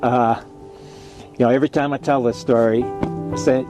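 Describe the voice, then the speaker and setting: A man telling a personal story in a halting way, with many pauses and fillers. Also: mid-range voice, steady tone. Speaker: interviewee, nomad. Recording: guitar music playing underneath. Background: guitar music.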